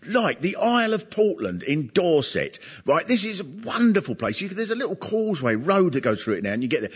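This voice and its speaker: A male comedian telling comic stories in an animated way, often laughing at his own tales. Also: sits high, fairly quick, husky. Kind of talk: comic storytelling monologue.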